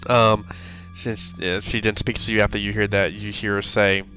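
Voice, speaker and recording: A man's voice: fairly low pitch, flat delivery, normal speed, pushed and bright, lo-fi sound, faint music behind. A man running a tabletop game as game master, narrating loosely with plenty of fillers.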